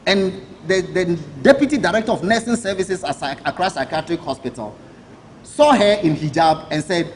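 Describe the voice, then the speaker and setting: A man's voice: sits high, expressive, moderate pace, a little hiss or hum, low-quality recording. A man with a Ghanaian accent, a government minister giving an emphatic press briefing speech full of rhetorical questions. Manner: emphatic, rhetorical questions, chuckles while telling anecdotes.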